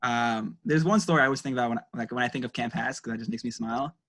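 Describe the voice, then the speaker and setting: Young man, interview guest, fast talker, average pitch, casual and thoughtful. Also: fairly bright tone. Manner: quick, thoughtful, many fillers.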